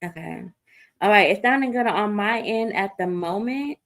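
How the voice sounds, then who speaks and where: A woman's voice: mid-range voice, animated, fairly bright tone, rough recording. A woman hosting a casual livestream, talking bluntly and profanely, reading viewer comments aloud and answering them, often restarting her sentences. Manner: blunt, profane, fast rants with repeated restarts. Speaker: livestream host. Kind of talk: casual unscripted livestream talk. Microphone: computer mic on a livestream.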